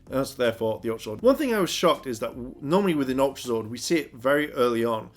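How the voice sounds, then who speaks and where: A man's voice: medium pitch, lively intonation, fast talker. A man giving a casual, rambling recap of a TV episode, full of fillers like "kind of" and "you know". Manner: rambling, filler-heavy retelling. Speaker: TV episode reviewer.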